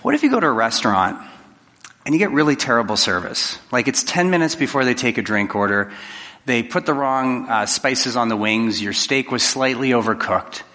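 A man's voice: medium pitch, expressive, normal speed, pushed and bright, long reverb tail. A man giving a conversational, jokey talk to a live audience, acting out quoted exchanges. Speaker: public speaker.

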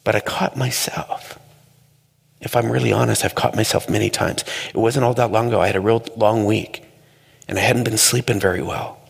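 A man telling a story in a conversational, animated way during a talk. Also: on the low side, brisk, gravelly, husky. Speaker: speaker. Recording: long hall reverb.

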